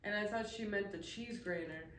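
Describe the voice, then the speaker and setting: A woman's voice: mid-range voice, moderate pace, a bit bright. Young woman podcast co-host, rambling storyteller, distant roomy mic. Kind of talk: casual chat. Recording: roomy echo, mic at a distance, faint hiss.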